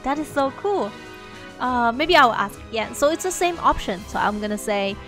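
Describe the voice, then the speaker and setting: A high-pitched woman talks her way through a farming game in a chatty, excitable commentary. She laughs and gasps often as the story unfolds, with faint game music in the background. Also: moderate pace. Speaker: gameplay video creator.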